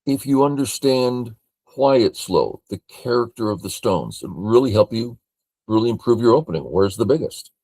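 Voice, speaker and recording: An older man from California reviewing a board game as a teacher, thinking aloud in a slow, matter-of-fact way. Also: medium pitch, expressive, dark tone, no room sound.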